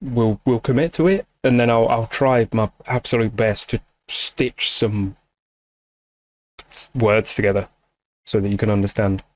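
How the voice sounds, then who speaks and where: On his music reaction channel, a man reacts casually and emotionally, gushing with lots of swearing and fillers. His lowish voice stays steady and unhurried, with no echo in the recording.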